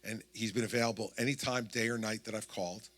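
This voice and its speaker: A man's voice: lowish voice, steady tone, fast, a bit bright. A man in his sixties with a New Jersey accent, telling a story at a campaign town hall and acting out the dialogue. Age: 60s. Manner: storytelling, acts out quoted dialogue. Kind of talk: anecdotal campaign speech.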